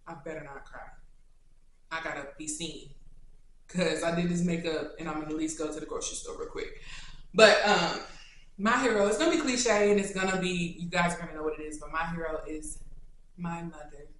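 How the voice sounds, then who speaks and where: A young adult woman vlogger answering questions in a casual, chatty, animated way. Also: sits low, fairly quick, slight background noise. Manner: chatty and animated, turning tender and choked up. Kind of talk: casual Q&A chat to camera. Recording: echoey room.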